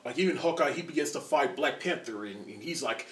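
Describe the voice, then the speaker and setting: A man in his twenties giving a casual spoiler movie review, excited and rambling, with lots of restarts and laughter. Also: medium pitch, a little fast. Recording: roomy echo, distant from the mic.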